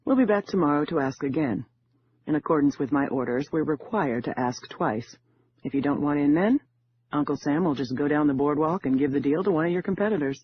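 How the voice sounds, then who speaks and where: A man's voice: fairly high pitch, brisk, dull audio. A man voicing a cool, confident con woman. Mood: self-assured. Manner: smooth, self-assured. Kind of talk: audiobook character voice.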